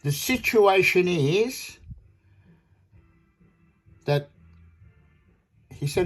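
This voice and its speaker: A man's voice: fairly high pitch, animated, unhurried, pauses often, a little mellow, husky. A middle-aged man from Australia who sells audio kits, talking in an indignant, repetitive rant and retelling phone calls. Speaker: audio kit seller. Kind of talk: ranting monologue.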